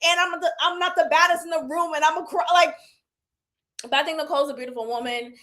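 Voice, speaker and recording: A woman in her thirties giving candid, animated commentary on a reality show and laughing often. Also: sits high, fast talker. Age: 30s. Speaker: reality TV reviewer. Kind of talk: casual commentary.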